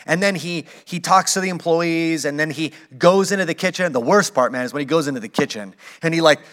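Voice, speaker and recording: A man's voice: a little high, sharp tone. A man preaching a sermon in a casual, conversational way, with playful acted asides. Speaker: pastor.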